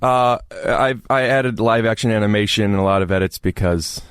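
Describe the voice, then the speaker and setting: A man, a comedian guest on a podcast, chatting casually in quick, eager bursts with halting restarts. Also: on the low side, smooth, no echo, clean studio sound. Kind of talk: casual chat. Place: home studio.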